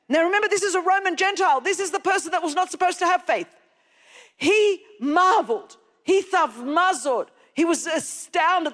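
High-voiced woman preaching in a hall. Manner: emphatic, stretching key words and rising to shouts. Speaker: pastor. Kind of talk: sermon. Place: church hall.

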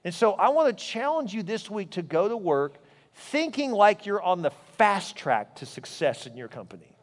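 A man preaching a sermon as pastor, telling stories in an animated way. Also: moderate pace, long reverb tail. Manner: animated storytelling, voice rising high in anecdotes.

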